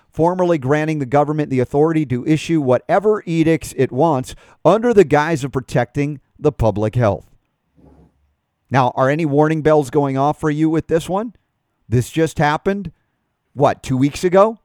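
A man's voice: mid-range voice, a little mellow, no echo, clean studio sound. A man hosting a talk radio show, reading an article aloud and adding emphatic commentary.

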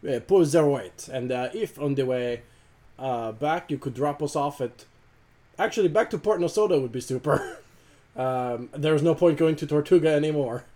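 Man doing a shipwrecked sailor with an overblown fake accent; halting, stammering delivery, slightly high voice. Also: warm tone, close to an everyday voice. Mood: flustered. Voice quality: exaggerated, wobbling foreign accent. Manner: halting, full of ums and restarts. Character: hapless male sailor who lost his cargo.

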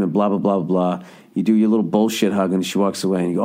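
A man in his forties rambles through a solo comedy podcast with a low voice. His tone is warm and relaxed, and his delivery is profane and animated. He keeps breaking off to correct himself. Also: fast. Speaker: podcast host.

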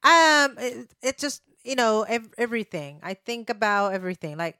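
A woman co-hosting a podcast in casual chat, speaking simple English with non-native grammar and hesitant pauses. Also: medium pitch, expressive, sharp tone, no room sound, clean studio sound. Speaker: podcast co-host.

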